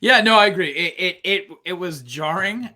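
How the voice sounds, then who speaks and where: Chatty guy on a podcast, bright forceful voice, laughs a lot, rambles a bit. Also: high voice, normal speed. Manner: chatty, laughs often, trailing asides. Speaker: podcast co-host. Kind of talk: casual chat.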